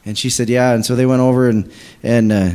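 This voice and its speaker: A man's voice: medium pitch, level tone, brisk, mellow, clear, resonant tone. A man telling a long faith story to a church, with many restarts, acting out the people he quotes. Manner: rambling, many restarts, acts out quoted voices. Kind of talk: animated storytelling in a church service.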